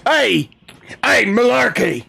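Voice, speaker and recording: A man voicing a loud, rowdy, brutish male warrior with gruff, gravelly slang, shouting brashly. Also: extremely high pitch, big pitch swings, takes it slowly, full character voice.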